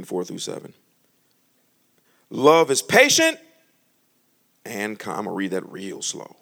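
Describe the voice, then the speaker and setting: A man preaching a sermon as pastor, joking between slow, emphatic scripture readings. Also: low voice, gravelly. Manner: lively, humorous preaching, reads scripture slowly and loudly.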